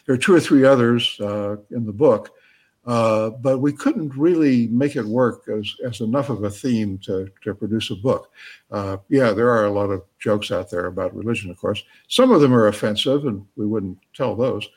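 A middle-aged man answering interview questions as an author, halting and chuckling, with many fillers and restarts. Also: fairly low pitch, darkish tone. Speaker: author and guest.

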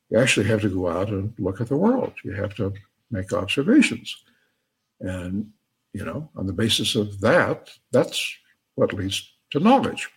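A male lecturer explaining ideas in a loose, wry, conversational style, full of asides and filler words. His voice is low and husky, with a breathy grain. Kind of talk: casual university lecture.

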